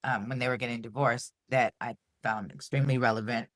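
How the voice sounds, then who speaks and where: A man's voice: medium pitch, steady tone, brisk, a bit bright, dry recording, studio quality. A man co-hosting a casual chat, rambling and hesitant, with many fillers. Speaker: co-host.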